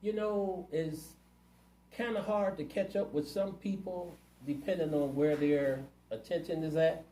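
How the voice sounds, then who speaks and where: A man's voice: on the high side, fairly even intonation, a little slow, mellow, roomy sound, a little hiss or hum, rough recording. A man running for city council, answering interview questions in a plainspoken, earnest way. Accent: Ohio. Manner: earnest, plainspoken, community-minded.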